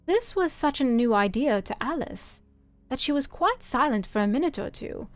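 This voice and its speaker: A woman streamer reading a children's story aloud in a calm, even storytelling manner. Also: high voice, normal speed, no room sound, soft background music.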